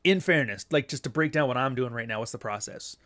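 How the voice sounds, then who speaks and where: Talking fast in a slightly bright, nasal voice, this middle-aged Canadian man hosts a casual podcast monologue, blunt and crude with a sardonic edge and abrupt high-pitched outbursts.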